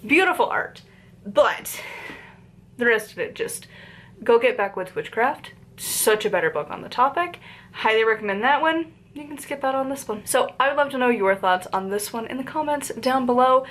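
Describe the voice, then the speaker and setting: Her voice runs on the high side, expressive and a bit bright at normal speed. Hailing from Appalachia in the US, she reviews a book on her channel in a casual, rambling way, often wandering off on tangents and using fillers.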